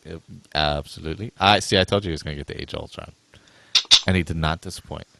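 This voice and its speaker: Gravelly deep man bantering. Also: quick pace, pushed and bright. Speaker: podcast co-host. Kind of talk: casual banter.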